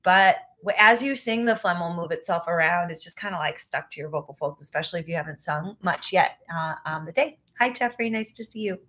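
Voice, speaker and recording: Low-pitched, brisk, and sharp with few pauses, this woman teaches a live ear-training lesson online as a vocal coach. Her phlegmy throat needs frequent clearing, and she demonstrates with brief sung phrases.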